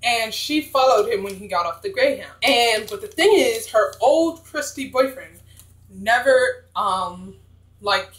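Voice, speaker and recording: A young vlogger rambles bluntly through old movie picks in a casual, chatty review. The voice sits at a middle pitch. There is a roomy echo around it. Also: lively intonation, measured pace, a bit bright.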